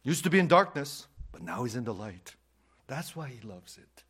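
A male pastor preaching a sermon, swinging between loud emphatic lines and hushed whispers, repeating key phrases for emphasis. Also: mid-range voice, sing-song, normal speed, breathy edge.

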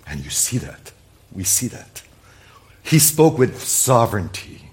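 Low-voiced pastor preaching with lively swings. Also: male voice, slow. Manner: emphatic, piles up rhetorical questions, swings from loud peaks to quiet low endings; addresses listeners directly as "people". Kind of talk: sermon.

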